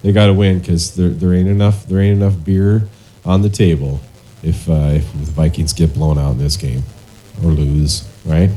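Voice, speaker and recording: Deep, mellow-voiced man in a bar chat. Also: little pitch movement, normal speed, rough recording. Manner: earnest, hesitant sports talk. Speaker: guest, fan group founder. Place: tavern.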